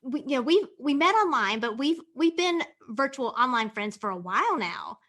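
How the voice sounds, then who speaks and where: Bubbly high-voiced woman podcast host. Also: big pitch swings, normal speed, a bit bright. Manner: bubbly, laughs often; speaks with a slight country twang. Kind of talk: upbeat interview hosting.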